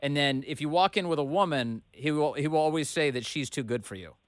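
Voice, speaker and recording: A man hosting a talk radio show, chatting casually with callers in a jokey, animated way. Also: a little high, a little fast, dry recording. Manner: jokey, laughs easily, animated retelling. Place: radio studio. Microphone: studio microphone.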